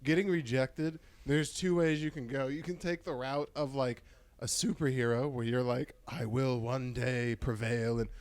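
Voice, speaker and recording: A young man in casual podcast chat, loud and animated, breaking into high mocking voices. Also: moderate pace, no echo. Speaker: podcast host.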